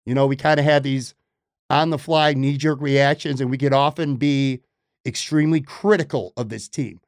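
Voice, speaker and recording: A man's voice: mid-range voice, steady tone, moderate pace, dry recording, studio quality. A man hosting a solo sports podcast, giving emphatic, opinionated commentary and often correcting himself mid-sentence. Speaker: podcast host.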